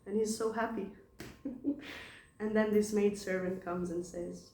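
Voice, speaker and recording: A woman's voice: medium pitch, steady tone, slow pace, a little mellow, reverberant, a little hiss or hum. A woman casually retelling scripture stories in a chatty way, laughing often. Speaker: devotee telling scripture stories. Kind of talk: casual storytelling talk.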